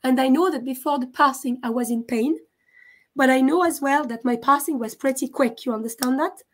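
A woman giving a live mediumship reading, halting and often stopping to check in with questions. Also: sits high. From France. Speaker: psychic medium.

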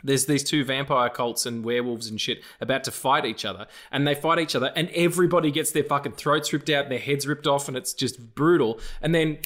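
A man co-hosting a film podcast, chatting casually in a rambling, profane way, breaking into animated rants and silly noises. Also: medium pitch, brisk, few pauses. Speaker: podcast co-host.

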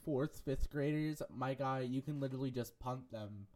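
A man's voice: medium pitch, moderate pace, darkish tone. A young man co-hosting a casual podcast, jumping in with blunt, profane comments. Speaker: podcast co-host. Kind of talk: casual chat.

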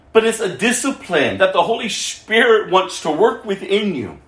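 A man delivers an impassioned sermon, pressing his listeners with rhetorical questions and swinging between loud and hushed. His voice sits high and leaps widely in pitch. The sound carries the echo of a roomy space. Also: big pitch swings, moderate pace, few pauses. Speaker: pastor.

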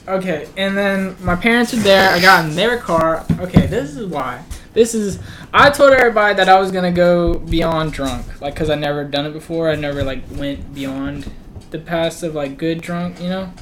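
A man's voice: fairly high pitch, moderate pace, fairly bright tone, a little hiss or hum. A man telling a rambling story in casual podcast chat, laughing often and swearing freely.

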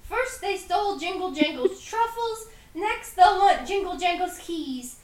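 A tiny, squeaky goblin girl, put on by a woman, indignant and a little sad. She speaks high and slowly. The tabletop game recording has a roomy echo. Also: lively intonation. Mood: aggrieved.

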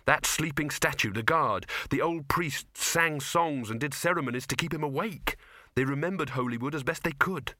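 A man voicing an earnest young man who explains things haltingly. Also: on the high side, pushed and bright, no echo, clean studio sound, pitched above the performer's own voice.

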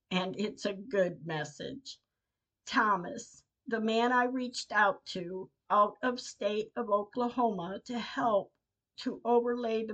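A woman reads her own diary entries aloud for her podcast. She speaks slowly and deliberately, at a mid pitch, and her voice carries emotion throughout. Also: fairly bright tone, poor audio. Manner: slow, measured, emotional diary reading. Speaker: podcast host.

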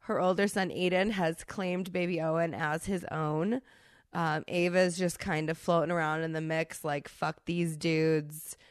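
A woman in her thirties hosts a solo podcast in a clear, resonant, lowish voice with a steady tone and normal speed, recorded in studio quality with no room sound. Congested from a cold, she sounds stuffy, speaks candidly, and restarts often.

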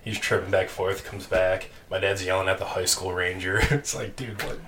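A man co-hosting a podcast, telling a long story in casual chat, animated and laughing, with casual swearing. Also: low voice, normal speed. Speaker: podcast co-host. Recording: distant mic with faint noise.

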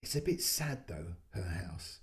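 A man's voice: deep voice, very animated, a little slow, voice pushed down. A man reading a story aloud, voicing a friendly, easygoing neighbour of about fifty who talks in a chatty, colloquial way.

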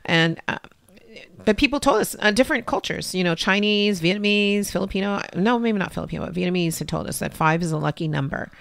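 In a candid interview, a middle-aged mother tells rambling personal stories in a fast, creaky, somewhat bright medium-pitched voice. She acts out what other people said, changing her voice for each one.

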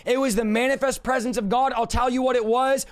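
Hoarse man, very high voice, fervent repetitive preaching on a live stream. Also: fairly even intonation, fairly quick. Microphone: streaming setup reading live chat.

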